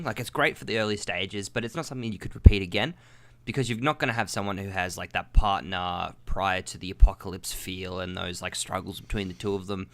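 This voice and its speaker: Low-voiced man mulling opinions. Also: fairly bright tone, smooth. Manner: thoughtful, hedging, many fillers. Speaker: co-host. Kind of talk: casual podcast chat.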